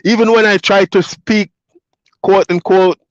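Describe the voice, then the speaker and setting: This truck driver streamer from Jamaica speaks Patois as his first language and has a Jamaican accent. His voice is high with fairly even intonation and a measured pace. The dry, dull lo-fi recording has no room sound as he reads viewer comments out loud during a livestream, answers them easygoingly, and laughs a lot.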